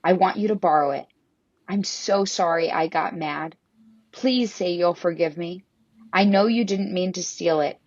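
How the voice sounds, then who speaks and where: An anxious little boy begs for forgiveness in a low, husky voice, as a woman reading a story acts him out. The sound is dry and a bit dull. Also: measured pace, dry recording. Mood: pleading. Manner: pleading. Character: anxious young boy in trouble.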